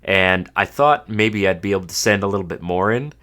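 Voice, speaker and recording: Deep-voiced man hosting a podcast, stuffed up. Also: fairly quick, bright, forceful tone. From Canada. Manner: dry, self-mocking humor. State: stuffed up from a cold. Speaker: podcast host. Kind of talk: casual solo podcast monologue.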